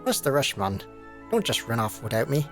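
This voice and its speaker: A man's voice: medium pitch, big pitch swings, moderate pace, fairly bright tone, faint music behind. A man voicing a cheeky, bossy male fairy sidekick who talks in brash slang, reading game dialogue.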